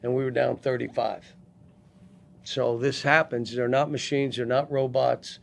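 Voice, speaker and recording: Older coach guy at a postgame presser, gravelly voice, blunt, keeps restarting sentences. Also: medium pitch, steady tone. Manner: blunt, halting, frequent restarts. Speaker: head basketball coach. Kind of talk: post-game press conference. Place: press conference room.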